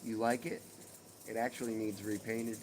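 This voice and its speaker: A man's voice: fairly low pitch, flat delivery, moderate pace, a little mellow, slight background noise, poor audio. A middle-aged man hosting a casual live stream from his porch, swearing freely and cracking jokes. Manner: profane, joking banter. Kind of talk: casual chat with viewers. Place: outdoors on a home porch.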